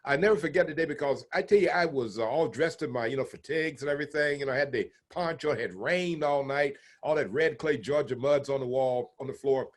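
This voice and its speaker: A man's voice: medium pitch, fairly quick, few pauses. A man in his seventies, a retired naval officer, telling stories from his past in an interview and acting out the people he quotes. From United States. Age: 70s. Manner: animated storyteller who acts out the people he quotes. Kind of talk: storytelling interview.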